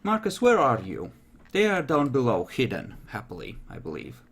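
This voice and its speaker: A man running a tabletop role-playing game as game master, slow and casual, laughing often and swearing lightly. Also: medium pitch, huge pitch swings, a bit bright, husky.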